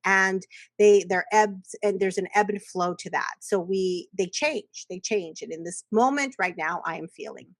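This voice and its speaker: A middle-aged woman educator giving a workshop talk on children's emotions, animated and acting out little voices with laughs. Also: mid-range voice, no echo.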